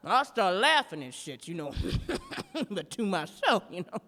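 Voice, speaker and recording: A woman's voice: fairly low pitch, big pitch swings, moderate pace, fairly bright tone, in a large hall. A woman reenacting a stand-up routine, telling a profane story with drawling, rhythmic asides. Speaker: stand-up performer. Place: art museum performance space.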